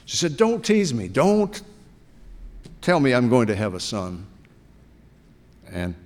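A male pastor giving a sermon, telling stories in a relaxed, conversational way. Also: lowish voice. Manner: conversational storytelling preaching. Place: church sanctuary. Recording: long reverb of a church hall.

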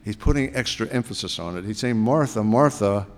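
A male pastor giving a sermon, telling stories in a relaxed, conversational way. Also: lowish voice, quick pace. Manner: conversational storytelling preaching. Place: church sanctuary. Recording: long reverb of a church hall.

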